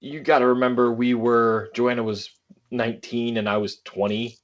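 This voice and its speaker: A man's voice: mid-range voice, little pitch movement, moderate pace, muffled recording. Guy rambling thru a story on a podcast, laughs a lot, normal middle voice. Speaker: podcast co-host. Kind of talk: casual chat.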